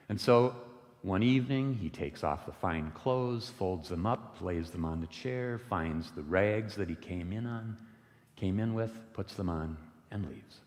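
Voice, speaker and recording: A man giving a storytelling sermon, retelling a parable in an unhurried, gentle way. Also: deep voice, in a large hall. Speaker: lay worship speaker. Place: church sanctuary.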